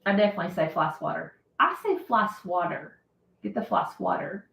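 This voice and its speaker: A woman's voice: lowish voice, sing-song, fairly quick, creaky, a bit bright. A woman hosting a casual live stream, chatting and laughing often as she answers viewer comments. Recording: roomy echo.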